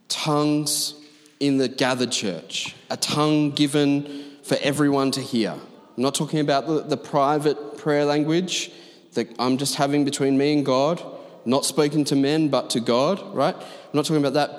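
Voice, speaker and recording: A man preaching a sermon as pastor, talking emphatically and conversationally with asides to his congregation. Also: fairly high pitch. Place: large church auditorium. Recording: long reverb of a large hall.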